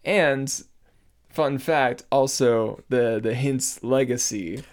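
A young man in casual chat, speaking haltingly and laughing along. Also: mid-range voice.

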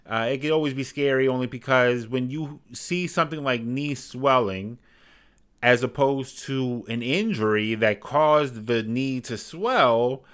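A man's voice: mid-range voice, a little slow, fairly bright tone, smooth. Rambling male sports podcast host. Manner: rambling, self-deprecating, with many fillers. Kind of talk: casual sports talk.

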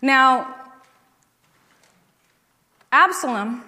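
An earnest woman shares her faith testimony slowly, with a fairly high voice. Her words build to emphatic declarations. A long reverb trails behind her, as in a large hall. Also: expressive, pushed and bright. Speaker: speaker giving a testimony.

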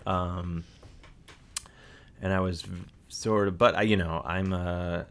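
Deep gravelly man rambling deadpan. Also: slight background noise. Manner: rambling, halting, deadpan with frequent fillers. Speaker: guest telling an absurd life story. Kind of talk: improvised comedic storytelling.

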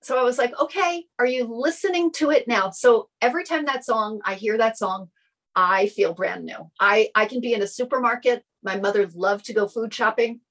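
A woman's voice: a little high, normal speed, low-quality recording. A middle-aged woman telling a personal story in a casual interview, acting out the lines of the people in it. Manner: animated, acts out quoted dialogue. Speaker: guest sharing a personal story.

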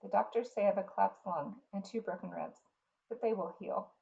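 A woman voicing a wounded older king and proud father in a measured, fatherly way, as she reads a fantasy novel. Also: mid-range voice, gravelly, muffled recording.

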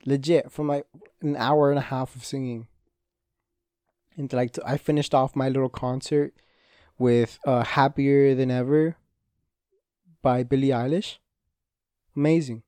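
A young man with a dark, mid-range voice keeps a steady tone and measured pace, leaving long pauses on a dry recording. Hosting his own casual podcast, he rambles and swears freely while cutting off his own thoughts, restless and with an injured hand.

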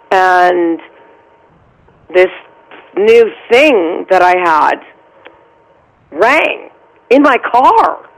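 This is an animated middle-aged actress telling stories in an interview. Her voice has a gravelly, fry-laced edge. She is expressive and relives every moment as she talks. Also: sits low, poor audio. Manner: animated, vivid storyteller. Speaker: actress guest. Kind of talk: storytelling interview answer.

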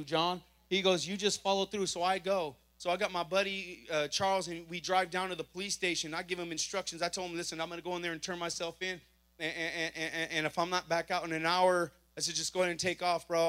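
A man giving a church testimony, telling his story with lively acted-out dialogue. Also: high voice, clean tone. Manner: animated storytelling, acting out dialogue. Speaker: testimony speaker.

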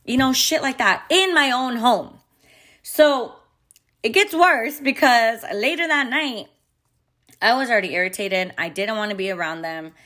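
A woman's voice: on the high side, a little slow, sharp tone. A mother telling a heated story in a candid storytime vlog, full of profanity and filler words.

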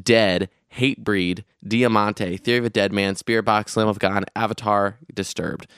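A man's voice: lowish voice, steady tone, normal speed, fairly bright tone, clear, resonant tone, no echo, clean studio sound. A young man co-hosting a podcast, chatting casually and rambling with many restarts and fillers. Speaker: podcast co-host recounting a festival trip. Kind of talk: casual chat.

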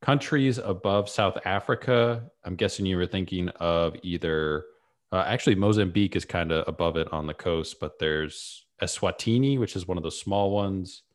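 A man's voice: low voice, normal speed. A man co-hosting a podcast, explaining things casually with lots of fillers. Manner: laid-back, explaining with many fillers. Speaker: podcast co-host. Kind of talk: casual chat.

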